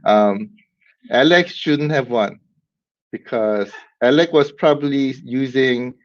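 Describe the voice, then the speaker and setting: A man's voice: medium pitch, takes it slowly, long pauses. Livestream host, male, rambling and laughing, lo-fi dull audio. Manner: rambling, laughs often, hype announcer bursts. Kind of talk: casual livestream chat.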